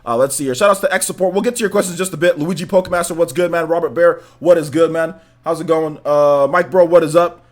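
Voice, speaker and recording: A young man hosting a casual live stream, rambling loosely and rattling off quick shout-outs to viewers. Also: on the high side, fairly even intonation.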